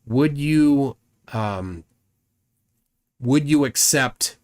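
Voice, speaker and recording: A man's voice: medium pitch, lively intonation, drawn-out words. A man hosting a livestream, rambling through commentary and reading chat comments aloud, often repeating words as he goes. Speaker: livestream host.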